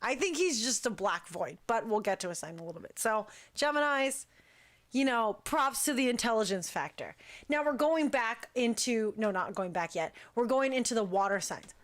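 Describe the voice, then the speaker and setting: A young woman hosting a casual talk show, chatting in an animated, gushing way and jumping up in pitch for emphasis. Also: normal speed. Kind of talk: casual chat.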